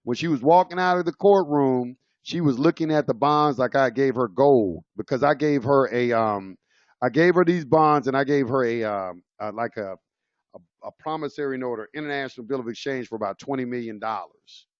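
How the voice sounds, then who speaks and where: A man's voice: medium pitch, normal speed, no echo, muffled recording. A man casually telling his own courtroom story, rambling with many fillers and restarts. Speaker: speaker sharing his own experience.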